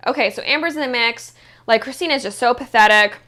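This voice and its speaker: A woman's voice: on the high side, fast talker, pushed and bright. A woman vlogger giving a blunt, profane, sassy recap of a reality show, peppered with "like". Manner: blunt and profane, heavy use of "like"; sassy, mocking commentary. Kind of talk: casual reality-show review monologue.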